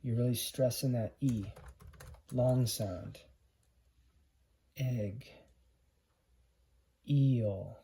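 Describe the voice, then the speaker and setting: A pronunciation teacher giving a slow phonics lesson, repeating example words one at a time to contrast vowel sounds. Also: medium pitch, fairly even intonation, dark tone, slight background noise.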